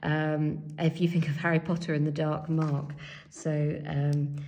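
A woman's voice: deep voice, little pitch movement, measured pace, a little mellow. A woman teacher giving a revision tutorial, thinking aloud as she writes and reads from a help sheet, with many fillers. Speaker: English teacher. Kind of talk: revision tutorial while writing.

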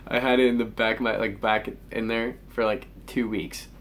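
A man's voice: fairly low pitch, flat delivery, moderate pace, a bit bright, a little hiss or hum. A teenage boy ranting angrily in a vlog, swearing constantly and sighing in exasperation. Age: teens. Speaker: vlogger.

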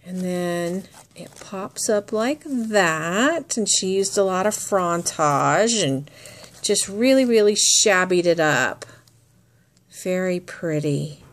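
A woman's voice: fairly low pitch, animated, slow pace. A woman crafting vlogger chatting casually as she shows off handmade gifts, gushing and admiring as she goes. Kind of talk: casual unboxing chat.

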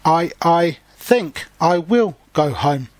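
Man reading grumpy, breathless older male mouse, slow and unhappy, storybook. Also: on the high side, animated, no echo. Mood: resigned. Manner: panting, weary complaints. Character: older male mouse, tired, unwell, grumbling.

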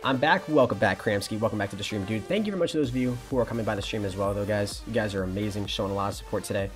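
A man's voice: lowish voice, racing, faint music behind. A young man in college streaming a shooter game, chatting casually and answering his viewers' messages. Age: young adult. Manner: relaxed, chatty, reads and answers chat. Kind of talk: casual live-stream chat while playing.

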